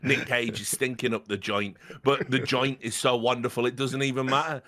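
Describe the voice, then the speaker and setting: Bright-toned man talking films. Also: medium pitch, steady tone, moderate pace. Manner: enthusiastic, swearing, laughing asides. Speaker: podcast co-host. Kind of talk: casual film discussion.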